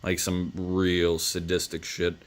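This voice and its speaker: Low-voiced man rambling through a movie review. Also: monotone, slow. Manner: rambling, crude, many fillers.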